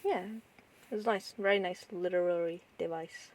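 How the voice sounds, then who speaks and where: A woman's voice: on the low side, moderate pace, darkish tone. A woman co-hosting a podcast, speaking casually and reflectively. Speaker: podcast co-host. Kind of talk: casual chat.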